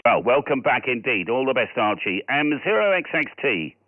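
A man's voice: medium pitch, very animated, no room sound. A man from Scotland running a ham radio session, trading call signs and signal reports with friendly, easy chat. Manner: friendly, quick call handling. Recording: tinny radio audio.

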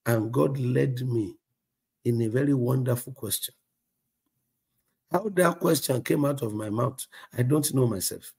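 A man preaching a sermon as pastor, telling a story in an animated way, acting out dialogue and chuckling often. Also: mid-range voice, measured pace, vocal fry, long pauses, husky.

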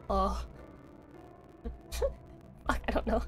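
A woman's voice: sits high, lively intonation, a little slow, slight background noise. A young woman with a British accent chatting playfully with her viewers on a live stream, often laughing. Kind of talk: casual live-stream chat.

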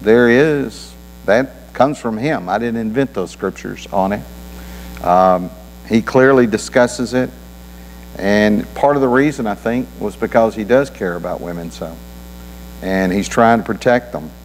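A man's voice: lowish voice, unhurried. A man preaching a sermon in a folksy, conversational way, with homespun anecdotes. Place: church auditorium. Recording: reverberant hall with mains hum.

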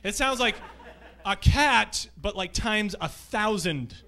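Onstage at a theatre, a comedian delivers a stand-up set of rambling, foul-mouthed anecdotes to the audience. His voice sits high and sounds sharp, with lively intonation, and he takes his time.

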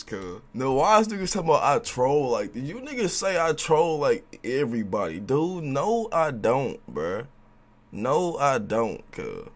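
A young man hosting a reaction video, talking casually in slang and sounding amused at what he watches. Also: mid-range voice. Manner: laid-back slangy talk, amused.

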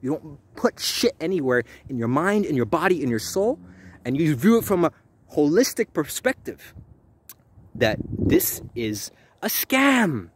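A man talking to camera in a preachy spiritual monologue, animated and repetitive, with swearing. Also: a little high, unhurried, breathy edge. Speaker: vlogger.

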